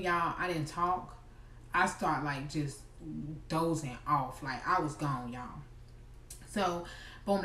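A young woman telling a storytime vlog in an animated, chatty way. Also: fairly low pitch. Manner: chatty, animated, addresses viewers as y'all. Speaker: vlogger. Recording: echoey room, mic at a distance.

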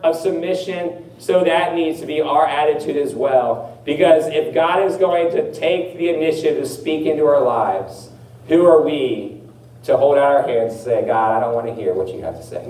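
A man preaching a sermon as pastor, earnest, repeating phrases and slowing down on key words. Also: on the high side, dark tone, roomy sound, recorded from a distance, slight background noise, rough recording.

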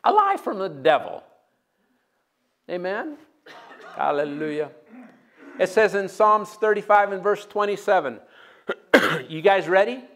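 A man preaching a sermon as pastor, energetic and joking, breaking into loud shouts. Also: high voice, unhurried, long pauses.

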